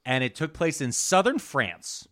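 A man's voice: on the high side, sing-song, measured pace, fairly bright tone. A man co-hosting a podcast, talking through history in casual chat, swearing freely and dropping into mocking quoted voices. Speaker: podcast co-host.

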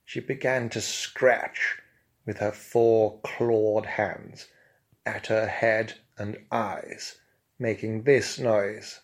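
A man's voice: lowish voice, steady tone, slow. A man narrating an absurd comic tale in a pompous, mock-grand manner. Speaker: comic storyteller.

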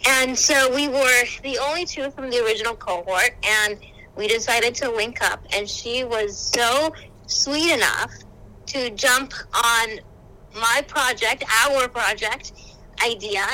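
A young woman telling stories in a casual chat, animated and quick to exclaim. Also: a little high, low-quality recording. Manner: animated storyteller, exclaims often. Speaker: guest, social work graduate student. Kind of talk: casual conversation.

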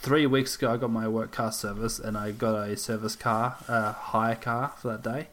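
A young Australian man co-hosting a podcast, telling everyday stories in a relaxed way with plenty of fillers and hesitations. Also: medium pitch, moderate pace, a little hiss or hum. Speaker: podcast co-host. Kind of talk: casual chat.

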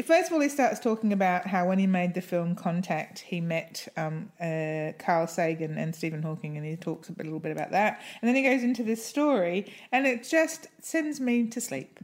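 A woman co-hosting a podcast in casual chat, giggly and quick to correct herself. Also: mid-range voice, a little mellow. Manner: chatty, giggly, self-correcting. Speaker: podcast co-host.

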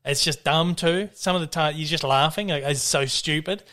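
At a moderate pace, a man with a slightly high, sharp voice hosts a casual film chat. He rambles loosely, frequently restarts his sentences, and swears freely.

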